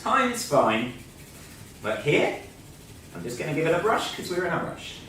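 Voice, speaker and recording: A man's voice: fairly high pitch, very animated, normal speed, bright, forceful tone, slight background noise. A man teaching a school assembly, playful and joking as he explains and draws. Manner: playful, joking, talks while drawing. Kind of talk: light-hearted assembly presentation. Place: school room. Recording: echoey room, mic at a distance.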